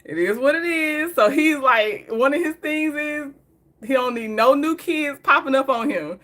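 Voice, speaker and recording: A woman's voice: sits high, measured pace, a bit bright. A woman telling stories in a casual, chatty way, often laughing and talking straight to her viewers. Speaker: vlogger. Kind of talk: casual story time.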